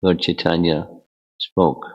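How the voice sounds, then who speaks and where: A man giving a devotional lecture as a spiritual teacher, relaxed and bantering with his audience. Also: low voice, takes it slowly, dull audio.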